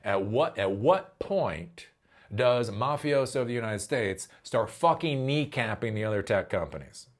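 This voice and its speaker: A man hosting a tech commentary vlog, ranting with a lot of profanity and sudden loud outbursts. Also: medium pitch, expressive, a little slow. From Ohio, US.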